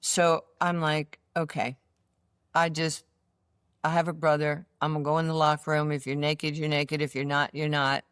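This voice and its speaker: A woman in her sixties with a New York accent, telling animated stories as an interview guest and acting out the voices in them. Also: low-pitched, moderate pace, smooth, no room sound, clean studio sound. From United States. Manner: animated storyteller, acts out voices in her anecdotes. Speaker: interview guest, former basketball player. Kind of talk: casual storytelling interview.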